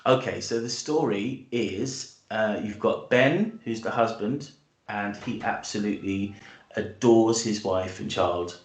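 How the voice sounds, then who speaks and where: A man's voice: lowish voice, measured pace, reverberant. A British man, a guest author, telling his story in a hesitant, enthusiastic way with many restarts. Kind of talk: casual interview chat and storytelling.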